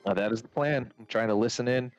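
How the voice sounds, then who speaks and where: A man's voice: medium pitch, quick pace. A man playing in a tabletop game, chatting casually and hesitantly with fillers. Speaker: player. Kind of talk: casual tabletop role-play chat. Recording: dry, muffled lo-fi with faint music.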